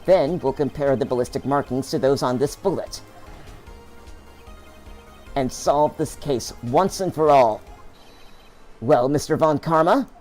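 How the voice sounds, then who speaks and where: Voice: medium pitch, unhurried, long pauses, darkish tone, faint music behind, close to an everyday voice. A streamer reading an earnest young defense lawyer. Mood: pressing. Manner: reading lines aloud, earnest. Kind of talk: reading a video game's text aloud.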